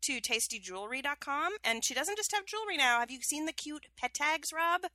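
A woman co-hosting a podcast, chatting in a lively way. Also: sits high, fairly quick, no room sound. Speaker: podcast co-host. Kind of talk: casual chat.

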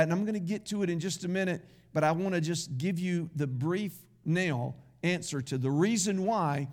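A man's voice: a little high, darkish tone. A man pastor preaching a sermon in a folksy, conversational way, with asides to the congregation.

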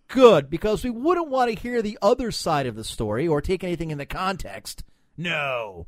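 A man's voice: a little high, sing-song, moderate pace, dry recording, studio quality. A man hosting a podcast panel, reading news aloud and mocking it with sarcasm. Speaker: podcast host. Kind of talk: casual panel chat.

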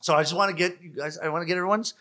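Man, canadian accent, bright clear tone, slightly high voice, animated self-deprecating storyteller. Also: racing. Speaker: rakugo performer. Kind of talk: conversational interview.

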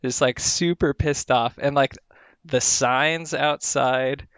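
A man's voice: medium pitch, fairly even intonation, slow, fairly bright tone, smooth, no echo. A man in casual chat, telling a rambling story with lots of filler words.

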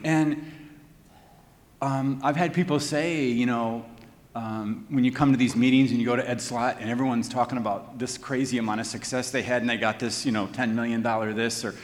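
A man, a financial advisor on a panel, telling lively anecdotes in a casual way and acting out what people said. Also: medium pitch. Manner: animated anecdotes with acted-out quotes and laughs. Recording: long reverb in the room.

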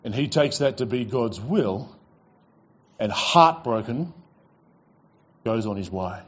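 A man's voice: medium pitch, animated, slow pace, breathy edge, lo-fi sound. A man preaching a sermon as pastor, telling stories with casual fillers and repeated "he goes.".

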